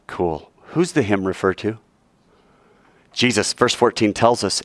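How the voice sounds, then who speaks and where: Man, Bible teacher, animated, quizzes the room, swooping voice, dry sound. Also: lowish voice, unhurried, long pauses, dry recording. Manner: animated, quizzes the class with questions.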